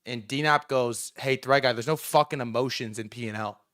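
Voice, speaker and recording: A man hosting a casual livestream from outdoors, excitable and profane, rambling with many restarts. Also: mid-range voice, normal speed. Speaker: livestream host. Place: outdoors in New York City.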